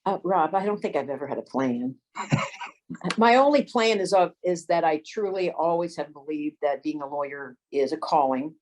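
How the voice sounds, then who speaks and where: A woman's voice: sits low, lively intonation, normal speed, darkish tone, a little hiss or hum, rough recording. An older woman, a lawyer and former detective, telling folksy courtroom anecdotes in an interview. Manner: folksy anecdotes, acts out quoted voices. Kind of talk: storytelling interview.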